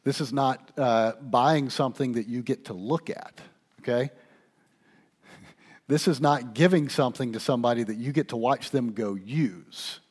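A male pastor preaching a sermon, asking his listeners questions and swinging between hushed asides and loud emphasis. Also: medium pitch, unhurried, slightly rough. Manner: conversational, asks the congregation questions.

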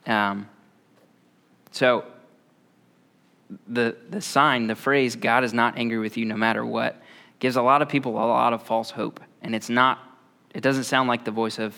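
A man in his thirties preaches in a relaxed, conversational way, often stopping on a drawn-out "uh." His voice has a gravelly fry to it. He holds a flat, steady tone with little rise and fall. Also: mid-range voice. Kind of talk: conversational sermon.

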